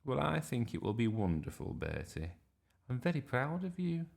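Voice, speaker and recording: A man's voice: medium pitch, very animated, moderate pace, gravelly, a little mellow, pitched above the performer's own voice. A man voicing an anxious, fussy mother in a storybook, pleading and fretful.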